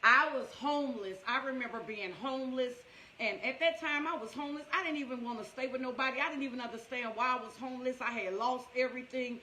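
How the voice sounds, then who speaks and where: High bright St. woman storyteller. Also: fast, echoey room, a little hiss or hum. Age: 50s. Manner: animated, laughs through emotional memories. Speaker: motivational ministry speaker. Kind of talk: personal storytelling on a livestream.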